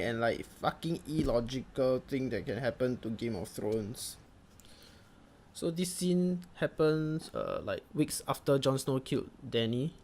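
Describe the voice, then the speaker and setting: A man's voice: medium pitch, a little mellow, slight background noise. A young Singaporean man with a Singaporean accent, giving a sweary, mocking comedic review full of Singlish slang. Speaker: video reviewer.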